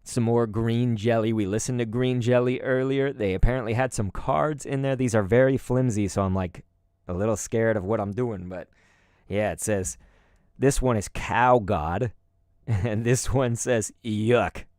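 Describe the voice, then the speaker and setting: A man's voice: medium pitch, normal speed, a little mellow, clean tone, no room sound, studio quality. A man hosting a card-opening video, chatting casually in a rambling, nostalgic way with many asides to viewers. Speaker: YouTube host opening collectible cards. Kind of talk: casual chat.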